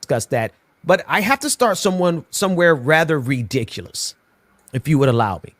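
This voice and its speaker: A man giving measured, emphatic political commentary on a show. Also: a little high, big pitch swings, fairly bright tone, no room sound.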